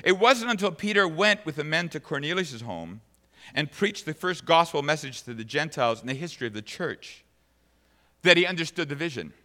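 Bright-voiced preacher in a reverberant hall. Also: male voice, a little high, expressive, fairly quick. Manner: emphatic preacher who repeats phrases for stress. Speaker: pastor. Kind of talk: sermon with scripture reading. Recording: long reverb of a large hall.

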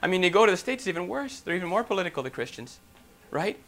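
A man's voice: sits high, sing-song, racing, fairly bright tone. A man preaching a sermon, talking emphatically with rhetorical questions and a few restarts.

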